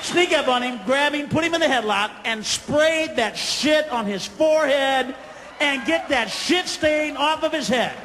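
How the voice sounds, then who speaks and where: Recorded live before an audience at a club or theater, a man performs stand-up, ranting with profanity and breaking into sudden screams. His voice is extremely high and unhurried, and the recording has hall reverb, a noisy background, and a faint crowd.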